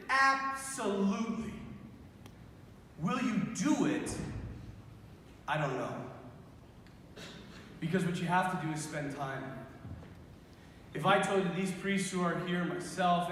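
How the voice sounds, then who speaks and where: A priest in his thirties telling a story to young people, animated, laughing and acting out what people said. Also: fairly high pitch, normal speed, pauses often, slight background noise. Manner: animated, acts out quotes, laughs often. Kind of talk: youth retreat talk, storytelling. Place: large hall. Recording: echoey hall from far off.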